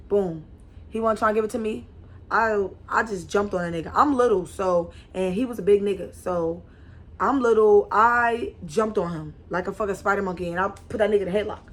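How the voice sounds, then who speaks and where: A young woman telling a casual storytime to camera, animated and slangy, with frequent restarts. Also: medium pitch. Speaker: vlogger.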